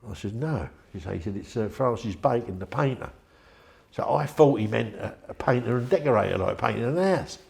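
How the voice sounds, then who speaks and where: Older man, gravelly storyteller. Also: mid-range voice, lively intonation, a little fast. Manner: rambling, chatty, acts out quoted voices. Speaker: interviewee. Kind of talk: anecdotal storytelling.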